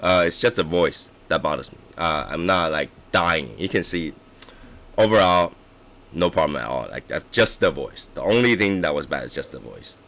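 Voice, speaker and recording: Hoarse, very low-voiced man. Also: expressive, fairly bright tone. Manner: keeps clearing his throat, halting restarts. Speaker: livestream host reviewing cigars. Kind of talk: casual rambling chat.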